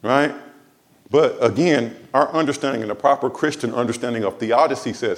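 A man's voice: medium pitch, a little fast. A man from Los Angeles preaching a sermon in church, talking conversationally with humor and asides to the congregation. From Los Angeles, USA. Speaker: pastor.

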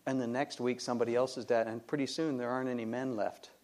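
A man's voice: medium pitch, little pitch movement, fast, darkish tone. A middle-aged man preaching a sermon, emphatic and full of rhetorical questions put to the congregation. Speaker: pastor.

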